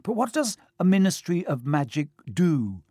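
A man voicing a curious, eager young boy in an audiobook, asking questions in a husky tone close to his own voice. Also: fairly high pitch, big pitch swings, normal speed, warm tone, no room sound, voice pushed up. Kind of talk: audiobook character voice.

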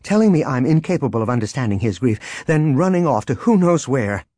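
A man voicing an adult woman, a sharp and frustrated leader who speaks quickly and pointedly. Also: medium pitch, very animated, slightly rough, no echo, clean studio sound, pitched above the performer's own voice. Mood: vexed.

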